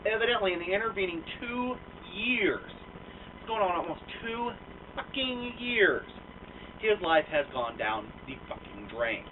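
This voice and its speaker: A man's voice: sits high, sing-song, measured pace, distant mic, a little hiss or hum. A young American man telling a rambling, profane story in a casual, self-mocking way, with lots of fillers. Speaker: vlogger. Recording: tinny lo-fi sound from off mic.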